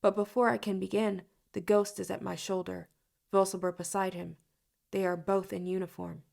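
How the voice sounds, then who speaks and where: Woman audiobook reader, first-person narrator, mid pitch, some vocal fry. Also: level tone, normal speed, a little mellow.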